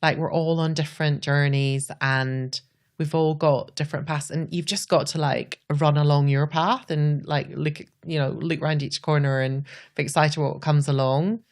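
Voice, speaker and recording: A woman's voice: deep voice, steady tone, moderate pace. A Scottish woman, a podcast guest, talking earnestly and reflectively, often saying "like". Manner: earnest, says "like" a lot.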